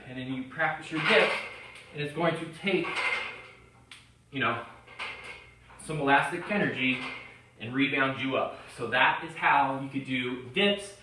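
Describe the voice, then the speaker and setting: Heard from far off in a very echoey gym, a male fitness trainer with a slightly high voice demonstrates chest dips over background noise. He's a little out of breath as he gives coaching cues and encouragement in this exercise tutorial.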